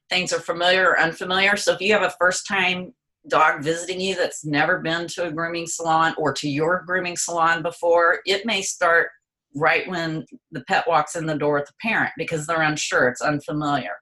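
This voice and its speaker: A woman's voice: fairly low pitch, fairly even intonation, brisk, pushed and bright. A woman speaking as a guest expert on a call, explaining pet behavior in a conversational way and sometimes voicing a dog's thoughts. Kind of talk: conversational interview. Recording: voice on a call line.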